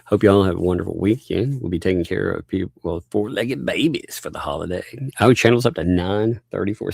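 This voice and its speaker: Deep gravelly guy doing a livestream, reading chat and thanking folks, laughs a lot, dry close sound. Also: fairly quick, few pauses, darkish tone, no echo. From United States. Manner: laughs often while thanking viewers by name. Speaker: livestream host. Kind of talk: casual livestream chat reading out super chats.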